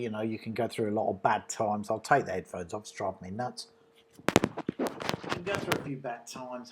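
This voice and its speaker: A man recounts a local tale in a loose, chatty way, drifting into asides as he goes. His voice sits at an ordinary middle pitch. The room around him is roomy and echoey. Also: a little hiss or hum. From Britain. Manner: rambling, digressive, chatty. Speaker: local online news journalist. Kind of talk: casual storytelling monologue.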